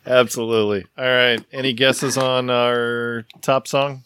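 A man's voice: medium pitch, little pitch movement, measured pace, fairly bright tone, clean tone. A man hosting a casual podcast, giving brief friendly replies and reading out scores. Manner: brief, affable acknowledgements, reads out scores. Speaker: podcast host. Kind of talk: casual chat.

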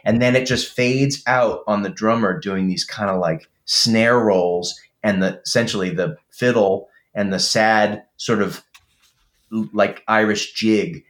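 Excitable man with a low voice. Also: unhurried. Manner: enthusiastic, rambling with many fillers. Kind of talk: casual chat. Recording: roomy echo.

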